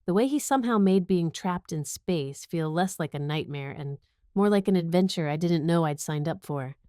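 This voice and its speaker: A woman's voice: lowish voice, expressive, moderate pace, dark tone, no room sound, studio quality. A young woman narrating a romantic comedy audiobook in first person, wry and sarcastic.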